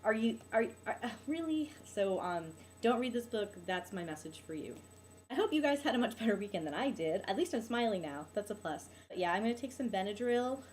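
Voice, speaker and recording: A woman's voice: mid-range voice, animated, brisk, a little mellow. A young woman talks straight to her camera in a casual vlog, exasperated and venting. Her speech is loose and chatty, full of "like" and "um", in an ordinary mid-range voice. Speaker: vlogger.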